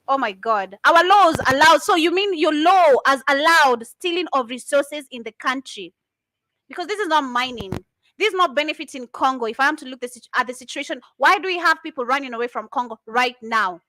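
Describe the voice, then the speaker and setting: A woman's voice: high-pitched, bright, forceful tone, no room sound. A woman giving impassioned commentary, fiery and indignant, firing off rhetorical questions. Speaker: commentator reacting to videos.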